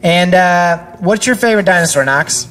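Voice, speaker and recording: A woman's voice: lowish voice, normal speed, crowd noise. A woman kids pastor interviewing children on a church show, upbeat and encouraging, with playful teasing questions and chatty fillers. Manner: chatty, with frequent fillers and restarts.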